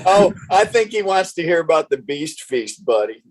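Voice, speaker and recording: A man's voice: on the high side, very animated, moderate pace, low-quality recording. A man, a musician and guest, who adds brief teasing remarks in casual chat.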